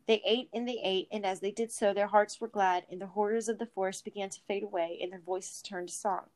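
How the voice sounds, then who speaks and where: A woman reading a story aloud in a relaxed, easygoing way, dropping in chatty asides to her listeners. She yawns now and then, and her voice sits at a middle pitch. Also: fairly quick. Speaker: reader. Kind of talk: casual read-aloud of a story.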